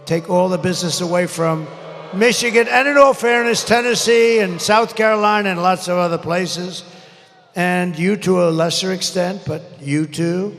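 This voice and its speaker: An older man giving a rambling, boastful rally speech that flares into angry shouting. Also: fairly high pitch, vocal fry. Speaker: politician speaking at a rally. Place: large arena rally. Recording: echoey arena sound, faint crowd ambience.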